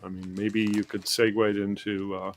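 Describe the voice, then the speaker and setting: A man's voice: lowish voice, flat delivery, moderate pace, vocal fry. A man hosting a casual photography chat over a video call, joking and teasing his co-host. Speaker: podcast host.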